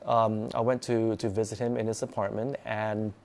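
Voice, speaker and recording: A man's voice: on the low side, flat delivery, normal speed, vocal fry. A man hosting a live stream, telling his own ghost stories in a rambling way, full of restarts and sudden bursts of acting out.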